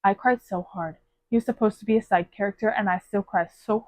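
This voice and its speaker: A woman's voice: mid-range voice, fairly even intonation, brisk, a little mellow, no echo. A woman giving a casual, gushing book review on her phone, full of fillers and emotional asides. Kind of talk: casual spoiler book review with read-aloud passages.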